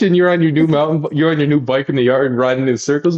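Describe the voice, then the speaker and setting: Animated man telling stories. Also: quick pace, hardly any pauses, muffled recording. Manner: animated, acts out quotes in high voices. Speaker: podcast co-host. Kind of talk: casual storytelling chat.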